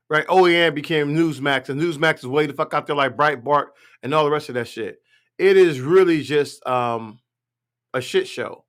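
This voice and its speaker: Profane, ranting man with a high voice. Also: fairly bright tone. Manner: profane, blunt, rambling. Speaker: live stream host. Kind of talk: casual political rant.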